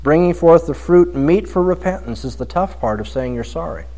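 A man preaching an expository sermon on a Bible passage, swinging from soft reflection to emphatic, pleading delivery. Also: fairly high pitch, expressive, normal speed, rough recording.

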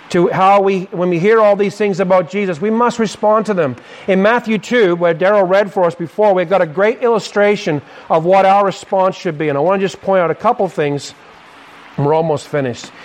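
A man preaching a sermon in a church, speaking with an emphatic, repetitive cadence. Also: sits high.

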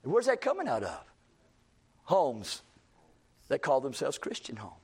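A man's voice: medium pitch, wildly swooping pitch, measured pace, darkish tone, slightly rough. A male preacher, delivering a sermon in a church with a repetitive, emphatic cadence.

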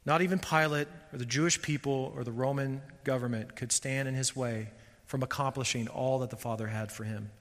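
A man's voice: medium pitch, steady tone, a little fast. Fervent male preacher in a reverberant hall. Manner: emphatic, builds to loud fervent peaks. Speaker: pastor. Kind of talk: sermon.

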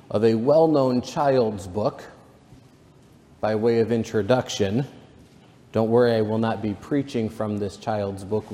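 Slow, mellow-voiced pastor preaching. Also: male voice, lowish voice, long reverb tail. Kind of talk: sermon.

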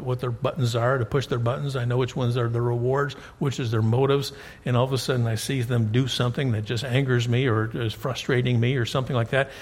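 A middle-aged man preaching a conversational sermon to a congregation, often repeating words and checking in with his listeners. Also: medium pitch. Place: church hall. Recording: hall reverb.

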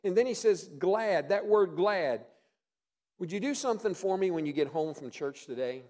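A man preaching a sermon, folksy and emphatic, rising to strong emphasis and dropping low for effect. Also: animated, moderate pace, a little mellow. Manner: emphatic, rises and drops in volume for effect; folksy humor. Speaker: pastor.

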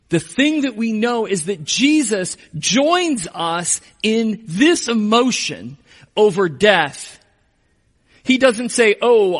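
A man preaching a sermon as pastor, moving between emphatic passages and hushed, slow reflection. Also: high-pitched, in a large hall.

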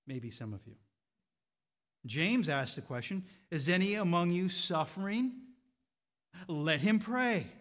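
High-voiced preacher delivering a sermon. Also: male voice, lively intonation, takes it slowly, pauses often. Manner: preaching with rising fervor and rhetorical questions; drops to a quiet, reflective tone at times. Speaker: pastor.

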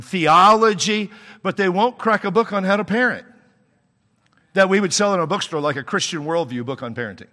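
A pastor with a fairly high, sharp-toned voice preaches a sermon conversationally, mixing in humor and sudden emphatic rises. The recording carries a long hall reverb.

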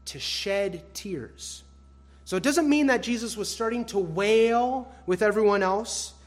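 Male preacher, high husky voice, shifts from loud stress to hushed lines, calls his listeners beloved. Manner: swings between loud emphatic stress and hushed soft phrases. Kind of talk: expository sermon.

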